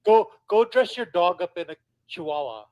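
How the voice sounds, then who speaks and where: A man with a notably high voice argues on a live-stream panel. He is aggressive and insulting, and he curses hard as he shouts others down. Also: big pitch swings, normal speed. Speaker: panel guest. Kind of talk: heated live-stream argument.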